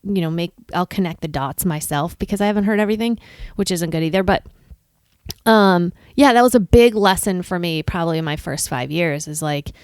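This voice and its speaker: A middle-aged woman from Chicago, co-hosting a podcast in casual chat and telling lively stories with acted-out quotes. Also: fairly low pitch, a little fast, clear, resonant tone, no room sound, clean studio sound. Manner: animated storyteller, acts out quotes. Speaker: podcast co-host.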